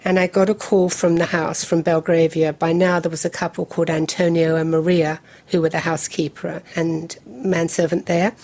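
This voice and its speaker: A woman's voice: fairly low pitch, level tone, a little mellow. Older woman telling a memory. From England. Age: 70s. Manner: measured, detailed storytelling. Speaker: guest. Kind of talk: recounting a personal memory in an interview.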